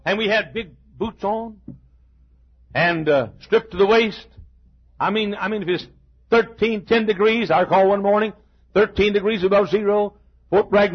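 An older man preaching a sermon, emphatic, with stammered restarts and shouted peaks. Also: high-pitched, breathy edge, dull audio.

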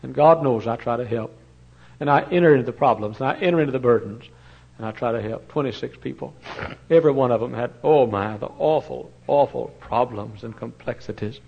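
Older man, pastor preaching, fervent then hushed, mid-pitched voice, muffled old recording. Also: a little fast, creaky, breathy edge. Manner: swings from loud impassioned shouting to hushed tender storytelling. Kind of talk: sermon. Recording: dull lo-fi sermon recording.

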